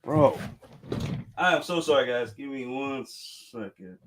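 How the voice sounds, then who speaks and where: A man reacting live to a manga chapter, reading it aloud and breaking into loud, slangy, repetitive outbursts. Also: mid-range voice, slow pace, noisy background. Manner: excitable, loud outbursts, slangy, repeats himself. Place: home streaming setup with green screen.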